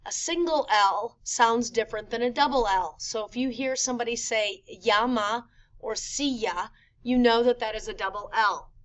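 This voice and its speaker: A woman's voice: on the high side, low-quality recording. Woman teaching a methodical language lesson. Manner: clear, methodical explaining with slow spelled-out examples. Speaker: Spanish teacher. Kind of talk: recorded classroom lesson.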